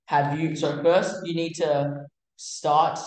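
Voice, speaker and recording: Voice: mid-range voice, flat delivery, slow pace, heavy reverb, poor audio. A music theory tutor giving a casual online lesson, explaining in a chatty way with many fillers and restarts.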